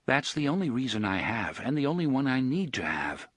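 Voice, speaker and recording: A man's voice: mid-range voice, sing-song, fairly quick, a bit bright, dry recording, studio quality. A man voicing a cold, arrogant male computer that runs a train and makes threats. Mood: demanding. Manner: cold, demanding, meditative.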